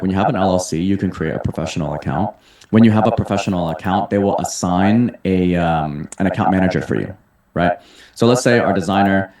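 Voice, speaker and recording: Hosting a live webinar as a mentor, a man reads audience questions aloud and answers them in an upbeat, salesy way during a casual Q&A. His voice is low and a little mellow, and the recording has a roomy echo.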